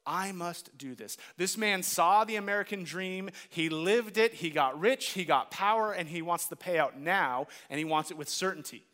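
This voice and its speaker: A male pastor delivers a sermon in a fairly high, bright voice that carries through a big reverberant hall. He builds to emphatic, forceful peaks, then drops soft and low when reading scripture aloud. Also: moderate pace, hardly any pauses.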